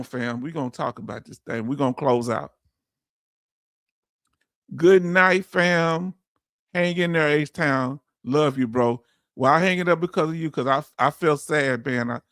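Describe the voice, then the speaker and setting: A man's voice: mid-range voice, no room sound, clean studio sound. A man hosting a casual livestream, reading viewer comments aloud and calling his audience family in a heartfelt, emotional way.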